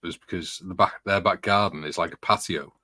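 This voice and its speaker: A man's voice: low-pitched, steady tone, brisk, sharp tone, no room sound. A man casually rambling through anecdotes and reading chat on a live stream, chuckling often, in a room with the curtains closed.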